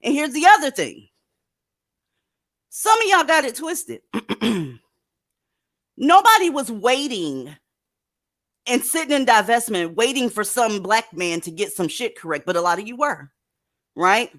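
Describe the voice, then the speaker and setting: A woman's voice: a little high, sing-song, unhurried, pauses often, fairly bright tone, dry recording, clean studio sound. A woman hosting a live stream, talking casually with blunt, profane sarcasm to her viewers. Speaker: livestream host. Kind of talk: casual livestream commentary.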